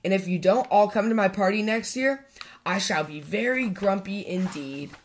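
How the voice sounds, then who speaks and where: A woman's voice: medium pitch, moderate pace, a little hiss or hum, lightly acted. A woman voicing a jolly male badger from a storybook, merry but easily grumpy, with a theatrical, exclaiming manner.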